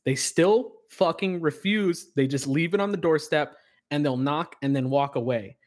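A man's voice: on the high side, normal speed. A man co-hosting a podcast, telling stories in casual chat with heavy swearing and lots of energy. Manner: animated storyteller, heavy swearing. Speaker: podcast co-host.

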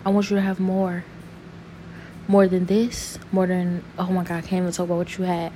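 A young woman talking to camera in an earnest, saddened personal monologue, halting and restarting as she searches for words. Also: lowish voice, monotone, warm tone, a little hiss or hum. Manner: rambling, halting, full of restarts and fillers.

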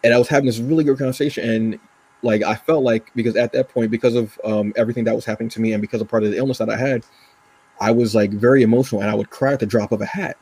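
A man's voice: mid-range voice, fairly even intonation, racing, darkish tone, slightly rough. A man hosting a podcast, chatting casually and emotionally, rambling with many restarts and fillers. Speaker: podcast host. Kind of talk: casual chat.

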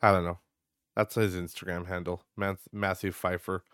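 Swearing, ranting man, low voice. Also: level tone, moderate pace, fairly bright tone, clean tone, dry recording, studio quality. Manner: ranting, frequent swearing and filler words. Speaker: podcast host. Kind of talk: casual solo podcast talk. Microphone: close podcast mic.

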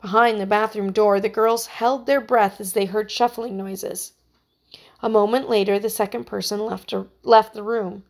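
A woman's voice: mid-range voice, fairly even intonation, moderate pace. Woman reading a children's story aloud. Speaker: narrator.

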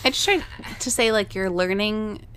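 A woman teacher in a casual chat with colleagues, speaking in a calm, reflective way. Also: mid-range voice, moderate pace, clean tone.

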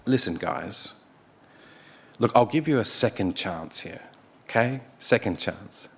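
A man's voice: fairly high pitch, wildly swooping pitch, unhurried, pitched above the performer's own voice. A man preacher voicing a smarmy, arrogant ancient king who coaxes and pushes during a sermon story. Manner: coaxing, pushy questioning.

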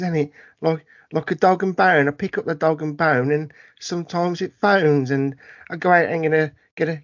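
A man's voice: fairly high pitch, no room sound, dull audio, natural voice. A man putting on a bad Cockney accent as a rambling superhero, packed with slang. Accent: put-on bad Cockney.

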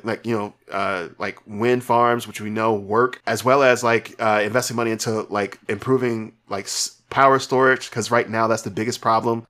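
A man's voice: mid-range voice, a bit bright. Rambling man co-hosting a podcast. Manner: rambling, lots of fillers, laughs at himself. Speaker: podcast co-host. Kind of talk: casual political chat. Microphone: remote call mic.

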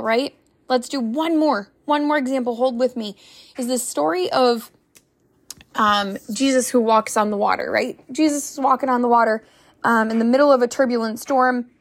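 A young woman with a high, light voice hosts a faith-based podcast. She speaks in an earnest, preachy way and leans on rhetorical questions to stir her listeners. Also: moderate pace. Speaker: podcast host. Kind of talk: faith-based motivational talk.

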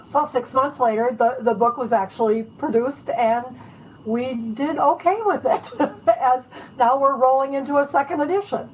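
A woman author telling lively anecdotes in a casual interview, chatting and laughing as she goes. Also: high voice, moderate pace, slight background noise, low-quality recording.

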